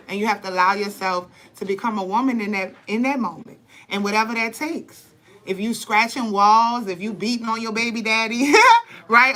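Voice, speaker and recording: A young woman telling birth stories and giving advice in blunt, profane, animated casual talk. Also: a little high, a little hiss or hum, low-quality recording. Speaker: vlogger, birth advocate. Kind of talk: candid casual talk to camera.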